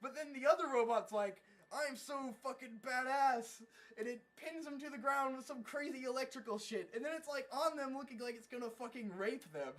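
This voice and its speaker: Brief: man with an unusually high voice, mocking cartoon recap, swears a lot, rambles. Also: brisk, few pauses, a bit bright. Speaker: anime reviewer. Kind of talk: casual comedic episode recap.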